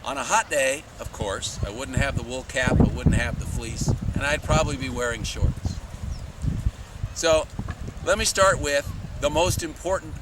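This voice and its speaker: A man explains backpacking clothing to scouts in a steady, deliberate instructional tone. He is recorded outdoors from a distance, so the voice sounds far from the mic. Loud wind and traffic noise run underneath him. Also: medium pitch. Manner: measured, plain, deliberate explaining.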